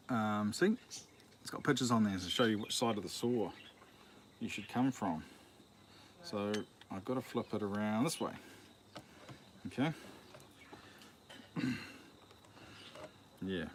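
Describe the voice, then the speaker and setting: Joking New man, noisy outdoors. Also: medium pitch. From New Zealand. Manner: joking, self-mocking, easily distracted. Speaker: channel host. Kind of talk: casual chat while working. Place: outdoors, sharpening a chainsaw. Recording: noisy outdoor recording with filing and birds.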